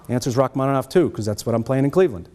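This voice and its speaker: A man's voice: medium pitch, animated, rapid-fire, a little mellow. A middle-aged man with a Boston accent giving a trumpet master class, answering students' questions and checking in with "okay?".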